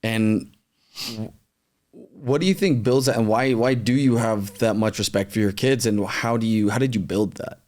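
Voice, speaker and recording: A man's voice: lowish voice, moderate pace, darkish tone. A man hosting a casual podcast conversation, talking in an earnest, conversational way.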